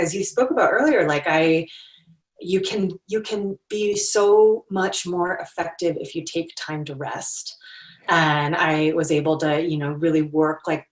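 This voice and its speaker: A woman in her thirties, a podcast guest, talking casually and chattily with many fillers from her home. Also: deep voice. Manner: chatty, lots of "like" and "um". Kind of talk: casual interview chat. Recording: roomy, distant from the mic.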